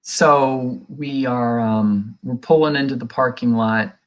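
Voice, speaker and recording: A middle-aged woman with a rumbling low voice speaks slowly as an interview guest sharing a recovery story. She's earnest and conversational, with many fillers and restarts, and she acts out what people said.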